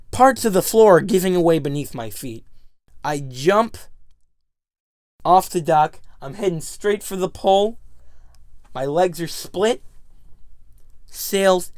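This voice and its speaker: A man dramatically telling a near-death story in casual chat, excitable and stumbling over his words. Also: a little high, clear, resonant tone, no room sound, clean studio sound. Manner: dramatic, excitable, frequent restarts.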